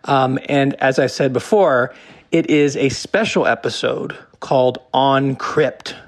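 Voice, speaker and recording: A man's voice: mid-range voice, fairly even intonation, takes it slowly. A man hosting a podcast interview, introducing a guest casually with many fillers. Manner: friendly, filler-heavy. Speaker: podcast host.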